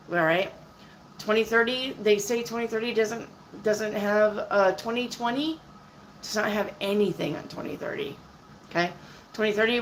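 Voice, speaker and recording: A woman with a mid-range voice doing a relaxed live tarot reading. She talks loosely and informally to her viewers and keeps checking in with "okay?" and "all right?". She clears her throat every so often between answers. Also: medium pitch, slight background noise, rough recording. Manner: reads viewer questions aloud and answers them. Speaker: tarot reader. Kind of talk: casual live-stream psychic reading.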